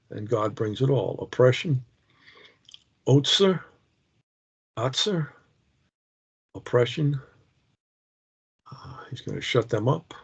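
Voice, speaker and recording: Over a video call with dull, lo-fi audio, a man leads a Bible word study, reading scripture aloud and talking slowly and casually with lots of fillers and restarts. His medium-pitched voice has vocal fry, a darkish tone and a breathy edge.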